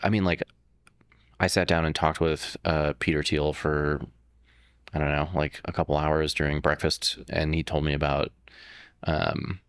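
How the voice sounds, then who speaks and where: A man's voice: very deep voice, level tone, unhurried, smooth, dry recording, clean studio sound. A man, a startup founder, talking as a guest in a casual interview, rambling with many fillers and restarts.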